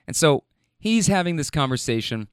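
Rideshare driver guy telling a story, animated and chatty, slightly higher voice, dry close sound. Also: moderate pace, clean tone, no room sound. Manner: animated, laughing, casual swearing. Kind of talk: casual storytelling.

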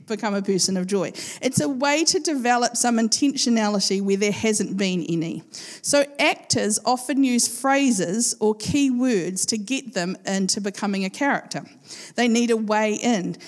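Playful New woman preaching in a hall. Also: on the high side. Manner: chatty and playful, laughs often, speaks to a live congregation. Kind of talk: sermon. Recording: long hall reverb.

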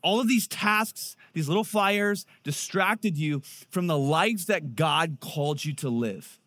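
A man in his thirties preaching a sermon in a conversational, animated way. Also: fairly high pitch, takes it slowly. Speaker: pastor.

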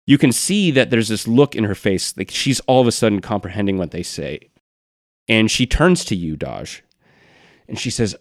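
Casual male game master, low voice, dry close mic, easygoing narration. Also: animated, moderate pace, dry recording. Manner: casual, laughing, many fillers.

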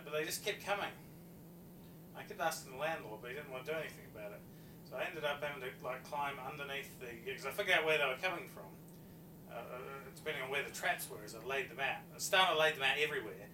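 A man with a mid-range voice, telling a rambling story full of fillers. He sounds far from the mic in a roomy space, with clear noise underneath. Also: medium pitch, fast talker. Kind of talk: casual chat. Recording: echoey, distant, noisy mic.

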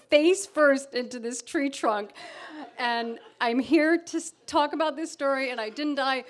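A woman's voice: high voice, fairly bright tone. A middle-aged woman telling a self-mocking story live on stage before an audience, acting out her own panic.

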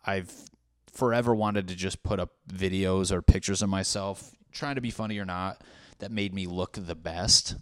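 A young man with a lowish voice rambles through his stand-up life, swearing freely and poking fun at himself. He keeps veering into asides and half-finished thoughts. The sound is dry and close, with no room around it. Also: normal speed, fairly bright tone, no room sound. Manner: profane, self-deprecating, trailing off into asides. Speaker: stand-up comedian. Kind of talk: casual rambling monologue.

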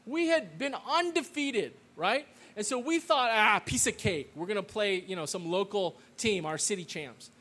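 Guy in his middle years telling a story to a crowd, high voice, swoops around a lot, keeps going "okay?". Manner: animated, peppers lines with "okay?" and "right?"; loud call-and-response chanting with the audience. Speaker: speaker telling a story to an audience. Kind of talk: storytelling talk to a live audience.

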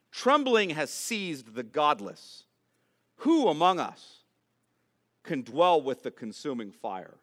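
A man delivers a sermon in a bright, somewhat high voice. His pitch moves a lot as he builds emphasis, with long dramatic pauses. He preaches slowly and deliberately. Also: in a large hall. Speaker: pastor.

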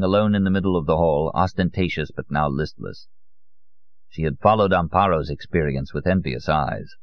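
A man narrating a novel as an audiobook in an expressive, literary reading style. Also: rumbling low, no echo, muffled recording.

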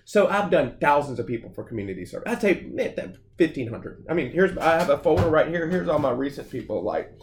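A man who founded a gym, guesting on a podcast and telling his stories in an animated, rambling way, full of "man" and "you know". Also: on the high side, fast talker, few pauses, slight background noise. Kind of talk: casual interview storytelling.

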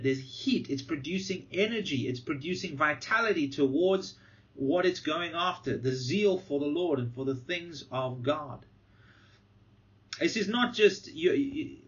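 Male preacher, sermon delivery, animated and emphatic on quoted lines, muffled lo-fi recording. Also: on the high side. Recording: dull lo-fi sound.

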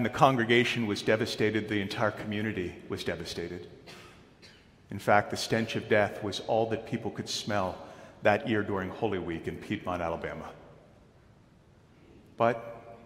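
A man's voice: lowish voice, fairly even intonation, normal speed, pauses often. Man preaching in a reverberant church. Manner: dramatic storytelling, building to loud proclamations. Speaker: pastor. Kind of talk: sermon. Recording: echoey hall.

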